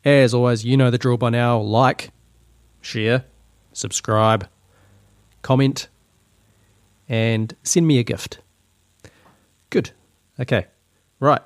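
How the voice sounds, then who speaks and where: A man with a New Zealand accent hosts his own comedy commentary podcast. His delivery is casual and wry, slipping into mock indignation as he jokes. His voice sits at an ordinary middle pitch, recorded close and dry. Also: steady tone, slow pace, long pauses, no room sound. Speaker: podcast host.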